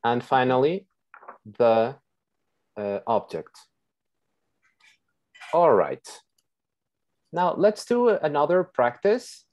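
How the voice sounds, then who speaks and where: A woman's voice: a bass voice, very animated, darkish tone. A woman teaching an online English class on a video call, patient and checking in with her students often. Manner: slow, patient, checks in with okay.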